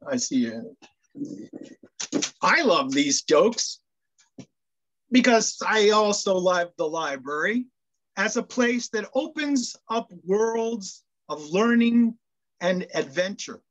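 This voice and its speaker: A man's voice: sits high, expressive, slow, pauses often, a bit bright. A male minister giving a sermon, telling jokes in a storyteller's way and often restarting his phrases. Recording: dull lo-fi sound.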